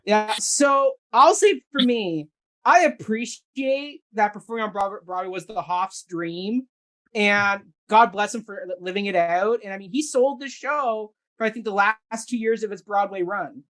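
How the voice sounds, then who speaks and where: Brief: woman host with a mid-range voice, brisk, casual review chat. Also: mid-range voice, a bit bright. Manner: brisk, moderating, quick to laugh. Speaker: podcast host. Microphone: video call.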